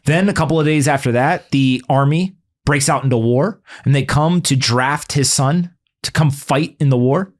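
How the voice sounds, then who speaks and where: A man who wrote a book, chatting casually about it, talking in a direct, to-the-point way and joking around with animated stories. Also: medium pitch, moderate pace. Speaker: book author. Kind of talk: casual chat.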